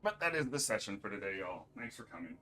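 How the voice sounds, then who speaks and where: A man's voice: lowish voice, sing-song, fast, sharp tone. A man running a tabletop game as game master, chatting casually and swearing now and then over a voice call.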